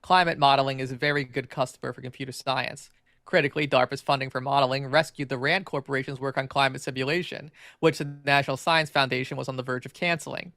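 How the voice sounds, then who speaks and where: Male podcast co-host reads an article aloud, brisk and gravelly, prone to restarts. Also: mid-range voice, fairly even intonation, fairly bright tone, no room sound, clean studio sound. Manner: fast, filler-heavy reading with frequent stumbles and restarts.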